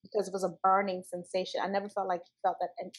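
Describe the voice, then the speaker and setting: A woman's voice: medium pitch, level tone, fast talker, poor audio. A woman guest speaking earnestly in a spiritual interview, stressing her points by repeating key phrases. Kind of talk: casual spiritual conversation.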